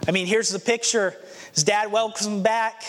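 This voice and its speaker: A man's voice: sits high, steady tone, moderate pace, a bit bright. A pastor preaching a sermon, earnest and storytelling, acting out the scenes he describes. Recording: long hall reverb.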